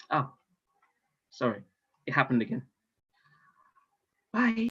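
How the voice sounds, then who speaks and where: Animated comic with a bright voice. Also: male voice, high voice, moderate pace. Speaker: stand-up comedian. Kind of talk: stand-up comedy monologue. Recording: dull lo-fi stream audio.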